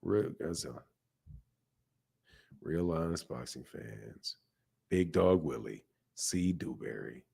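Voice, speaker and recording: A man's voice: extremely low pitch, takes it slowly, gravelly, pauses often, breathy edge. A man hosting a live boxing stream, chatting casually and reading out viewers' names from the chat. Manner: animated, talkative, reads chat names aloud. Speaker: boxing channel host.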